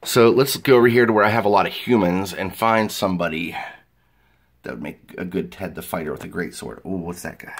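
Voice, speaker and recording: A game master and video host with a low voice, speaking a little fast, hosts a casual tutorial on tabletop role-play. He explains things chattily, with frequent fillers.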